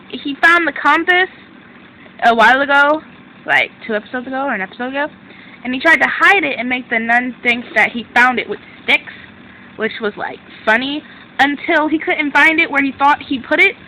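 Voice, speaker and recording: A young woman recapping a TV drama in a casual chat to her webcam at home, excitable and rambling, correcting herself as she goes. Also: high-pitched, normal speed, slight background noise, poor audio. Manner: excitable, rambling, self-interrupting. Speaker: drama reviewer.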